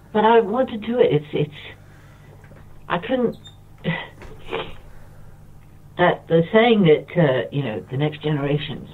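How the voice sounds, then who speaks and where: A man's voice: sits high, breathy edge. A man from the United Kingdom speaks as a radio show guest, close to tears, rambling and impassioned, repeating himself. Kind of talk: impassioned monologue. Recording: distant tinny phone line.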